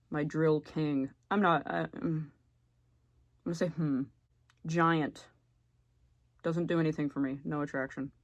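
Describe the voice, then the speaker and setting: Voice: medium pitch, no room sound. A young adult YouTuber giving blunt, sarcastic, casual comedic commentary and swearing freely. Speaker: YouTuber ranking game characters.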